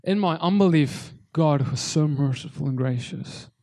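A man delivers a conversational sermon, earnest and searching, often stopping and restarting his sentences. His voice sits a little high for a man, yet it sounds mellow and warm rather than bright. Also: moderate pace. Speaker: preacher.

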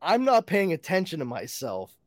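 A man hosting a podcast, telling animated stories in casual chat and swearing freely. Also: on the high side, normal speed, dry recording, studio quality. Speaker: podcast host.

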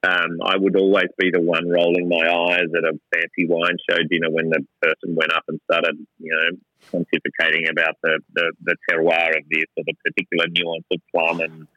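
A man's voice: sits low, completely flat delivery, fairly quick, bright, forceful tone, dry recording, dull audio. A middle-aged Australian man talking casually and irreverently as an interview guest, mocking himself and restarting often. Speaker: gin company co-founder, guest. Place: gin distillery lab.

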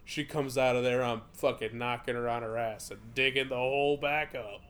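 A man's voice: medium pitch, steady tone, moderate pace, fairly bright tone, slight background noise. A man co-hosting a podcast, ranting crudely with lots of swearing. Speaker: podcast co-host.

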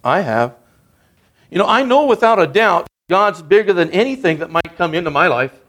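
A man's voice: sits high, animated, moderate pace, fairly bright tone. A man preaching a sermon as a guest speaker, in an earnest, conversational way that builds in emphasis.

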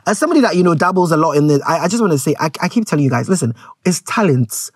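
A woman's voice: on the low side, big pitch swings, very fast, breathy edge, no echo. A woman with a Ghanaian accent gives frank, rambling casual commentary to her viewers, slipping Twi words into her English.

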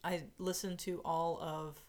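A woman's voice: on the low side, little pitch movement, measured pace, a little mellow. A woman co-hosting a podcast in casual chat, chatty, trailing off mid-thought and laughing easily. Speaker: podcast co-host.

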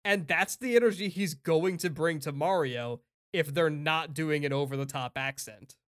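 A man co-hosting a casual chat, animated and opinionated, laughing often and swearing freely. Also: on the high side, moderate pace. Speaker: podcast co-host.

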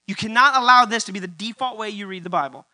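A man preaching a church sermon, building to loud emphatic peaks and repeating his key lines. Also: sits high, quick pace. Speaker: pastor.

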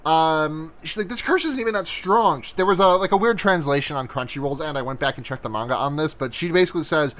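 Rambling man with a higher voice. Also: fast talker, hardly any pauses, fairly bright tone. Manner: rambling, many "like" fillers and restarts. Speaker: podcast co-host. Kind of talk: casual anime episode recap chat.

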